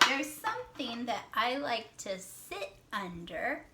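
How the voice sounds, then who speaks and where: A woman teacher giving a reading lesson to young children. She talks slowly, draws out words to count syllables, praises answers, and sometimes whispers. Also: on the high side, big pitch swings, sharp tone, slight background noise. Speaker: classroom teacher.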